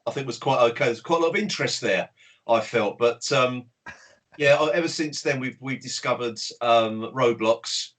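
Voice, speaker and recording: A man with a South London accent chatting as a podcast guest over a video call, relaxed and hesitant with lots of fillers. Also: medium pitch, moderate pace. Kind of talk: casual chat.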